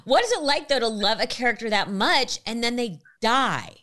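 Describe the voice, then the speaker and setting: A woman's voice: a little high, expressive, normal speed, fairly bright tone. A woman hosting a casual interview, gushing and enthusiastic with her guest. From New York. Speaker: interview host.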